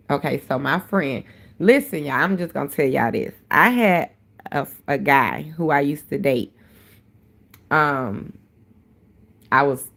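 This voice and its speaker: Deep-voiced woman, blunt and profane. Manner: blunt, profane, heated storytelling. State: dry throat. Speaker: livestream host. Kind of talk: casual livestream chat. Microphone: phone.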